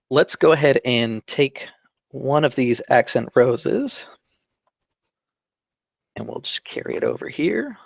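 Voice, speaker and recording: Gravelly-voiced man walking through a map tutorial. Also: medium pitch, no echo, dull audio. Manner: relaxed step-by-step instruction with fillers and self-corrections. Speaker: tabletop game channel host. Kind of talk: screen-recorded drawing tutorial. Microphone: desk microphone.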